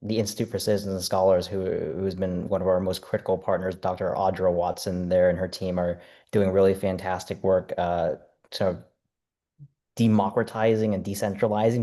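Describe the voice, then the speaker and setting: A young man, co-founder of a nonprofit, talking as a panel guest in a halting way with many fillers and restarts. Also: sits low, dark tone. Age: young adult. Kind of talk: casual panel talk.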